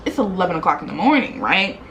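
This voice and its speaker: Animated young woman telling a story. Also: lowish voice, quick pace, creaky, a little hiss or hum, poor audio. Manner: animated, slangy retelling with lots of quoted dialogue. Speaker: vlogger. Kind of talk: casual storytime.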